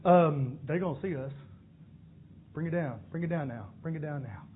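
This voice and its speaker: A man voicing the apostle Peter as an urgent, practical man giving quick commands. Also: high-pitched, animated, slightly rough, exaggerated voice. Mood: hushed. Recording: phone-like narrow band.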